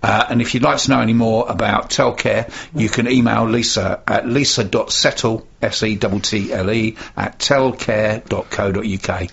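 A man with a gruff, husky voice co-hosting a radio show, reading community announcements and slowly spelling out web and email addresses. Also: lowish voice, fairly even intonation, a bit bright, dull audio. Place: radio studio. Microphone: studio microphone.

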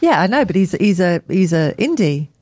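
A woman, co-hosting a radio show in the studio with quick, teasing banter. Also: fairly low pitch, sing-song, dark tone, no room sound. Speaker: radio co-host. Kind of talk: casual radio chat.

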